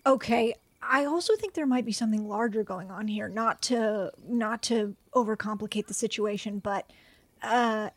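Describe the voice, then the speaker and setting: A woman's voice: medium pitch, moderate pace. A woman playing a tabletop role-playing game, talking through her ideas in a thoughtful, slightly tentative way. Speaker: player.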